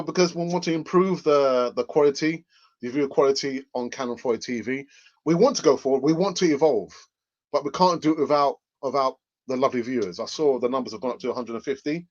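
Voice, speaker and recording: Jokey man hosting a live stream. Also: mid-range voice. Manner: jokey, laughs often, reads out viewer comments. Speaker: host of a live fan channel. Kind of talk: casual live-stream chat. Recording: dull lo-fi microphone sound.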